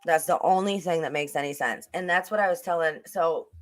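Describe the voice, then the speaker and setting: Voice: medium pitch, brisk. Rambling livestream host talking to chat. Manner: rambling, with frequent restarts and asides to the chat. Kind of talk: casual true-crime commentary on a livestream.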